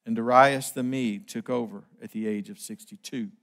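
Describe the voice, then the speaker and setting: A middle-aged man preaching a sermon, emphatic and slowing down on key phrases. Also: medium pitch, steady tone, fairly bright tone.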